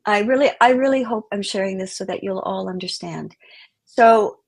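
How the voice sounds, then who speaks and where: A woman's voice: medium pitch, normal speed, breathy edge. A middle-aged woman, a guest, telling a personal story with feeling and acting out the voices in it. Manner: emotional, vivid storyteller who acts out quotes.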